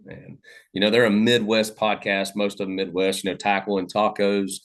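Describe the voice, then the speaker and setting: A man's voice: lowish voice, level tone, moderate pace, fairly bright tone. A man with a Southern American accent telling stories on a podcast, rambling with many fillers and restarts. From Southern United States. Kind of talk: casual storytelling conversation.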